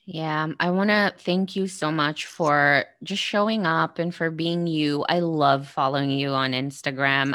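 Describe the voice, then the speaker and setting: A woman's voice: sits low, fairly bright tone, dry recording, studio quality. A woman hosting a podcast who speaks in a gushing, thankful way while interviewing her guest and signing off. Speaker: podcast host. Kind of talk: interview and outro.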